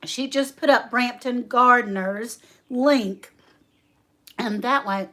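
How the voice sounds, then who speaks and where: Slow, chatty woman hosting a livestream. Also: a little high, bright, forceful tone. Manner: chatty, laughs often, reads viewer names aloud. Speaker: homestead channel host. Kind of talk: casual livestream chat.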